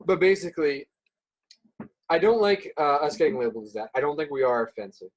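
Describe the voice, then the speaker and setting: A man chatting as a podcast guest in a somewhat high voice that rises and falls a lot. He talks hesitantly, packing in "like" and "uh" and restarting his sentences as he goes. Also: lively intonation, brisk, low-quality recording. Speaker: podcast guest, subreddit moderator. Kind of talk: casual podcast chat.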